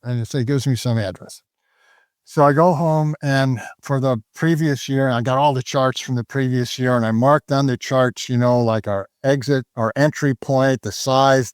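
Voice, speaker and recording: A man's voice: mid-range voice, fairly even intonation, moderate pace, clean tone, no echo, clean studio sound. An older man, a trader guest, telling a story in a casual, rambling way with many restarts and fillers.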